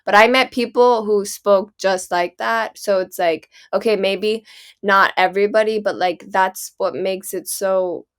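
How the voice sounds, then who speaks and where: Young female podcast co-host with a smooth, clear voice, casual chat, lots of restarts and "like". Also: medium pitch, steady tone, unhurried. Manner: heavy use of "like", restarts, thinking aloud.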